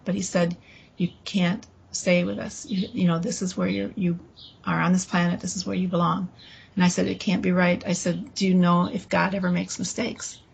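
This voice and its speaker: A woman recounting a personal experience in an interview, talking haltingly with restarts and quoting dialogue, with faint noise behind her. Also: fairly low pitch, vocal fry, husky.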